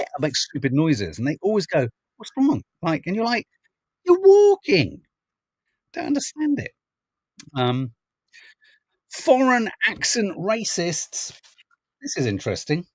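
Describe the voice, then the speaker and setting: Man, husky voice, lively pitch, dry close sound, casual wry news chat. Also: no echo, low-quality recording. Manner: chatty, wry, reads out viewer comments. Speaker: podcast host reading the papers.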